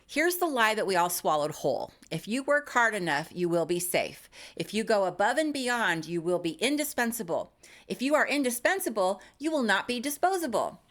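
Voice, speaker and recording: A woman's voice: mid-range voice, big pitch swings, moderate pace, fairly bright tone. Wry woman in her fifties, self-mocking. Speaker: YouTube creator. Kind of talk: scripted comedic monologue.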